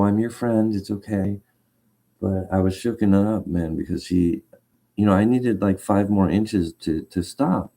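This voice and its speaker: Man, agitated rambling storyteller; very dark, low-set voice. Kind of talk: casual rant.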